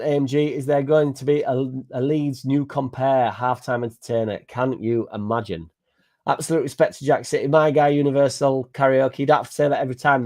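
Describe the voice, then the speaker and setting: Young male fan-channel host; excitable, rambling banter with plenty of swearing. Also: mid-range voice. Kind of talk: casual live-stream chat reading viewer comments.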